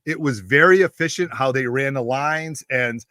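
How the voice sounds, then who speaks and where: A man's voice: medium pitch, normal speed, bright, forceful tone, no echo, clean studio sound. A man hosting a comics podcast, chatting in a casual and enthusiastic way. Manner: enthusiastic, gushing. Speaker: podcast host.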